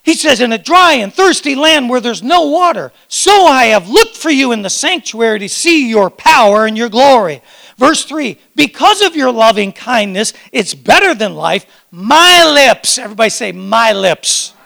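A high-pitched, bright-toned man preaching a sermon as pastor. His voice has a gravelly edge and swings widely in pitch. He talks in an animated, excitable way and keeps his congregation responding. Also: moderate pace.

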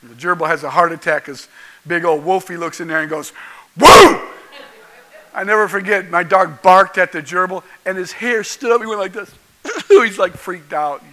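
A man's voice: high voice, fairly quick, sharp tone, rough recording. A male pastor preaching a folksy, jokey sermon that keeps asking the congregation questions.

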